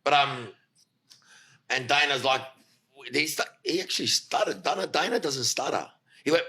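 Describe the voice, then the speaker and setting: A man telling a story as a podcast guest, animated, swearing freely and acting out what others said. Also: mid-range voice, moderate pace, slightly rough. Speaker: guest, fight coach.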